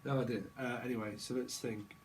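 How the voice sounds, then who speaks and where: A man talks through a tarot reading in a loose, joking stream of association. He repeats words in little sing-song runs and slips into acted bits of dialogue. His voice sits at a middle pitch, with a faint hiss under it. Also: steady tone, a little fast. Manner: rambling, playful free association, acts out little dialogues. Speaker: tarot reader. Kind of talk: casual intuitive tarot reading.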